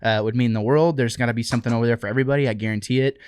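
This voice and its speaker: A man's voice: medium pitch, steady tone, very fast, darkish tone, smooth. A man hosting a podcast interview over a video call, chatting in a jokey, self-deprecating way. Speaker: podcast host. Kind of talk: casual interview chat.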